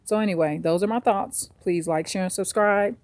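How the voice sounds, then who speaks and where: A woman's voice: mid-range voice, moderate pace, a little mellow. A woman vlogging on a walk outdoors, ranting bluntly with plenty of cursing. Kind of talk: casual vlog monologue.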